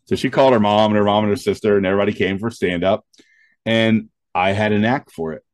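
Man, comedian guest, deep-ish voice, dead dry sound, animated storytelling, lots of ums. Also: fast, dry recording. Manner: animated anecdotes with quoted dialogue; frequent "um" fillers. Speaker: guest, stand-up comedian and show host. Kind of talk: storytelling interview talk.

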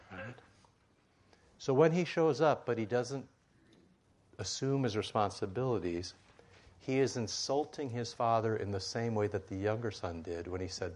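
A man's voice: on the low side, moderate pace, pauses often, darkish tone. A man preaching a sermon in a conversational way, with asides and rhetorical questions, in a meeting room with a board.

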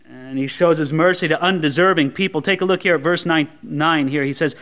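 A man's voice: on the high side, brisk, few pauses, a bit bright. A man preaching an expository sermon, reading scripture aloud and stressing points with rising and falling emphasis. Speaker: pastor.

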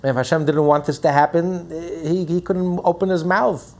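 A man's voice: on the high side, fairly even intonation, moderate pace, darkish tone. A man teaching a Torah class as a rabbi, preaching with rhetorical questions and acting out the voices he quotes.

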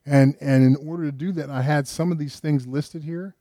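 An older male pastor preaches in an emphatic, questioning way, pressing his listeners for answers. His voice sits a bit high for a man. The sound is close and dry, with no room around it. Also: fairly even intonation, normal speed, warm tone, dry recording. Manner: emphatic, asks the congregation many questions. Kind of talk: sermon.

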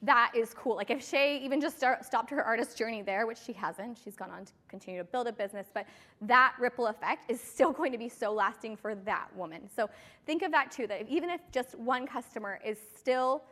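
Woman team leader, higher voice, casual and chatty motivational talk, reverberant hall sound. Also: brisk, a bit bright. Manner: chatty, filler-heavy storytelling. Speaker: team leader speaking to her sales team.

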